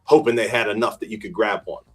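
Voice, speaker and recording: A man from Virginia talks in a fairly low voice, loose and opinionated. This is casual podcast conversation, full of restarts and asides. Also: steady tone, fast, soft background music. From Virginia, USA. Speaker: podcast guest. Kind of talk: casual chat.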